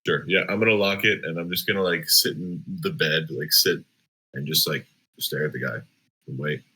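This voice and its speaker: A man's voice: rumbling low, steady tone, moderate pace, pushed and bright, husky, rough recording. A man taking his turn as a player in a tabletop game, casual and hesitant, with many fillers.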